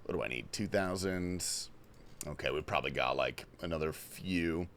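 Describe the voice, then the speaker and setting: A man's voice: a bass voice, moderate pace, fairly bright tone, slight background noise. A young man from Australia hosting a casual gaming livestream, reading chat questions aloud and answering loosely with plenty of swearing. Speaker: livestream host. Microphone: headphones and desk mic.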